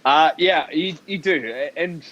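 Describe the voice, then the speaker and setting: Relaxed Australian man, dull remote line. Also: fairly high pitch. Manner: relaxed, measured, with many fillers. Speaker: guest athlete. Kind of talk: casual podcast interview.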